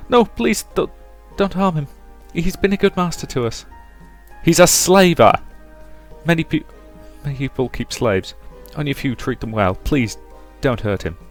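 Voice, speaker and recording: A man voicing a gentle, earnest enslaved mother who speaks softly. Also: on the high side, expressive, normal speed, faint music behind, voice pushed up, close to an everyday voice. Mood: pleading.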